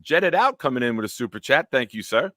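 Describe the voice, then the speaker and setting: A man hosts a casual sports talk livestream. He talks in an animated, joking way and slips into silly voices. His voice is bright and forceful, recorded dry and close. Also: medium pitch, fast talker, no room sound. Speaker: podcast host.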